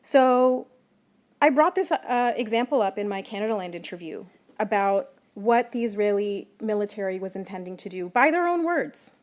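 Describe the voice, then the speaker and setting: A woman journalist giving a prepared public talk, measured and emphatic, stressing key words. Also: mid-range voice, animated, darkish tone. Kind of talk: prepared lecture.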